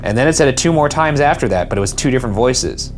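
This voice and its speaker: A man's voice: medium pitch, animated, quick pace. Male ghost-hunt co-host, jumpy and earnest, speaking into empty rooms over a music bed. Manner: jittery, talks to the empty room, startled outbursts. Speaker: co-host, paranormal investigator. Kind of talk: calling out to spirits during a ghost hunt. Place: inside a family house.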